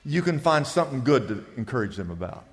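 A man preaching a sermon as pastor, excitable, asking the congregation questions and repeating his key phrases. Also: medium pitch, fast, in a large hall.

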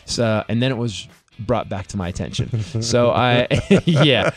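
A middle-aged man from California, a comedian guest telling a comic story in conversation, rambling and animated with many restarts. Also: mid-range voice, a little slow, soft background music.

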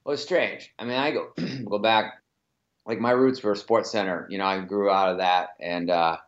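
A man's voice: lowish voice, fairly even intonation, moderate pace, dull audio. A man with a Boston accent, a commercial director talking as an interview guest, rambling with lots of restarts and fillers. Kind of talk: casual interview chat.

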